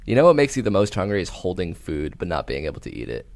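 Male podcast host, playful letter-reader, animated intonation, dry recording. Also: low voice, quick pace, creaky, dry recording. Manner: playful, laughs often, reads letters aloud. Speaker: podcast co-host reading listener questions. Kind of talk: casual comedic podcast chat.

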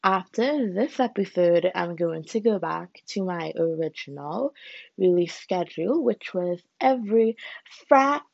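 A woman's voice: on the low side, measured pace, gravelly, no echo, muffled recording. A young woman from the Caribbean hosting a casual solo podcast, chatty and laughing at herself as she talks. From British Caribbean. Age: young adult. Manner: chatty, laughs at herself, lively swings in emphasis. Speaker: podcast host.

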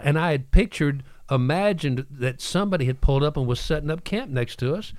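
A man hosting a morning radio show, telling stories in an animated way and acting out the voices in them. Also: medium pitch, fast talker, few pauses, no echo, clean studio sound. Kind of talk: casual radio chat and storytelling.

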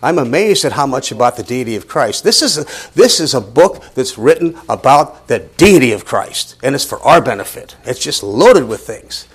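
A man's voice: medium pitch, big pitch swings, normal speed, slightly rough. A man teaching a sermon, reading scripture aloud with rising emphasis and asking rhetorical questions. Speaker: Bible teacher.

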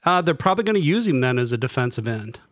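A man's voice: medium pitch, big pitch swings, quick pace, fairly bright tone, no echo, clean studio sound. A man co-hosting a casual sports podcast, hesitant, often restarting his sentences while he reviews picks. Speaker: podcast co-host.

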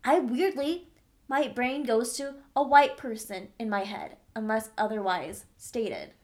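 A woman's voice: a little high, lively intonation, a little slow, darkish tone. A young adult woman talking in a candid, emphatic way in a casual chat.

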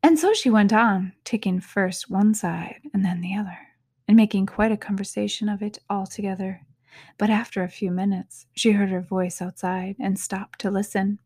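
A woman reading a storybook aloud in an unhurried, soft-spoken way, sometimes dropping to a whisper. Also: mid-range voice, steady tone, slightly rough, no echo, clean studio sound. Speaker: podcast reader.

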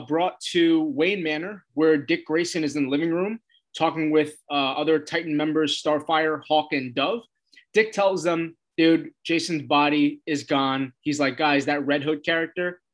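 A man with a slightly higher-than-average voice walks through a TV episode scene by scene. He talks casually and loosely, slipping into paraphrased dialogue for each character as he recaps the plot. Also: fairly bright tone. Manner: loose retelling of scenes, quoting characters with "he's like".

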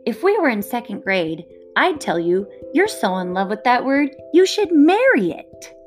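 A woman's voice: medium pitch, very animated, moderate pace, faint music behind, close to an everyday voice. A woman voicing an upset young boy who pleads in a rising voice, close to tears. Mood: teasing.

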